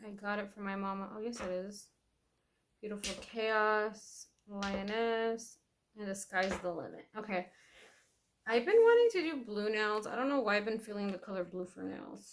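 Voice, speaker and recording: A woman's voice: medium pitch, creaky, slight background noise. A young adult woman chatting casually at home while doing her own nails, thinking aloud, trailing off and correcting herself. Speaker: nail vlogger. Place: home, at her nail table.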